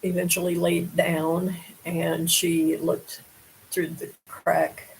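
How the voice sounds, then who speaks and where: Flat, gravelly-voiced woman hosting true crime. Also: lowish voice, slow pace, a little hiss or hum, rough recording. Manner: conversational, questioning the story aloud with frequent asides. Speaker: true-crime show host. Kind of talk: casual true-crime commentary reading from articles.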